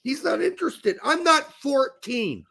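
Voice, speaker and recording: A man's voice: very high-pitched, big pitch swings, measured pace, gravelly, bright, forceful tone. A man co-hosting a soccer podcast, ranting crudely and sarcastically. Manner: crude, sarcastic, ranting, mock-emotional asides. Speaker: podcast co-host. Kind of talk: heated casual soccer rant.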